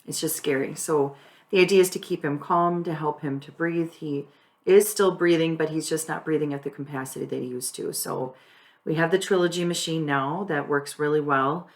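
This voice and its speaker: A woman's voice: deep voice, fairly even intonation, moderate pace. A middle-aged woman explaining her husband's care plainly in casual chat, laughing often. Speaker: wife and caregiver explaining hospice care.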